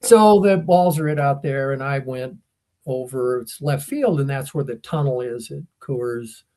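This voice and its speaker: A man's voice: medium pitch, measured pace. An older man co-hosting a podcast, telling stories casually and acting out the voices of the people in them. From United States. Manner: animated, acts out quoted voices. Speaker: podcast co-host. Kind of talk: casual storytelling chat.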